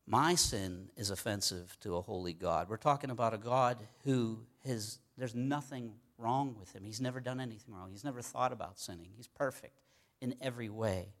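A man preaching in a relaxed, talky way. He speaks at a middle pitch and stumbles through fillers and repeated words as he makes his points. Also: moderate pace. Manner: conversational, folksy, with many fillers and repeated words. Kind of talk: sermon.

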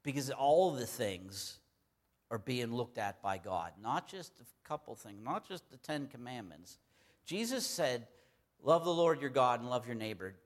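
A man preaching a sermon in an earnest, emphatic manner, repeating key phrases to drive them home. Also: medium pitch.

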